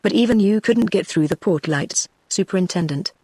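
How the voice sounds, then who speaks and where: A text-to-speech voice of a woman with a British English accent, reading the lines of a calm, resolute man in a storybook. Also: medium pitch, slightly rough, no room sound. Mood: measured. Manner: measured, dry. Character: calm, resolute man trapped aboard a ship.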